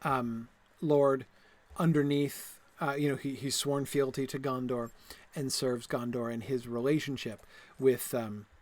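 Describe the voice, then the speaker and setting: Speaking at a measured pace with hardly any pauses, a stream host with a steady, mid-range voice lectures casually during gameplay. He digresses, uses many fillers and restarts, and is enthusiastic, often laughing at himself.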